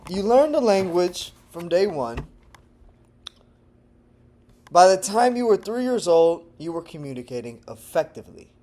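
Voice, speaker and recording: Speaking to camera, a language-learning vlogger from Texas, USA, delivers an animated, wandering casual monologue. He moves between loud outbursts and quiet murmurs, laughs frequently, and keeps an unhurried pace with long pauses.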